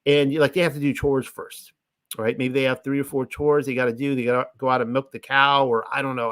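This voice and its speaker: A man's voice: mid-range voice, a bit bright, no echo. Man reading scripture with casual commentary. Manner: reads scripture then explains it in a loose, chatty way. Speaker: Bible teacher.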